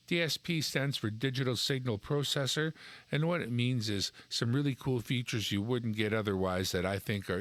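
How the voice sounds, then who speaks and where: A man casually walking through his streaming gear, relaxed and rambling, correcting himself as he goes, into a dynamic microphone. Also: medium pitch, big-room sound. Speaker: YouTube creator reviewing streaming gear.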